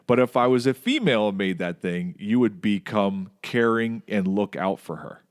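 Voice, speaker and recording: Animated storytelling man, low voice. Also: normal speed. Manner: animated storyteller, mimics yelling in a much higher voice. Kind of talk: casual chat.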